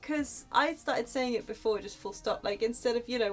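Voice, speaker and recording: A woman's voice: a little high, normal speed. A woman streamer chatting playfully and joking over a video game. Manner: playful, jokey, slips into silly voices. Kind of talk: casual let's-play chat. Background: faint game music.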